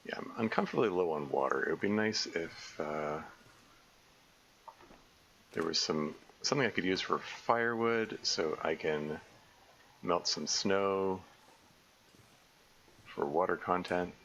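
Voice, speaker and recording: On a slightly dull lo-fi mic with faint noise, a man casually comments on a survival game during a live stream. His voice is low-pitched and a bit bright, with lively intonation and an unhurried pace broken by long pauses. He rambles, corrects himself, and keeps restarting sentences with frequent stammers.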